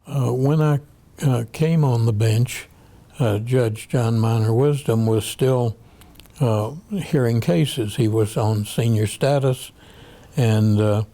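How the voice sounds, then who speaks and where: Slow, mellow-voiced older man reminiscing. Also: mid-range voice. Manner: measured, halting storytelling with frequent pauses. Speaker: federal appeals judge. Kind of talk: oral history recollection.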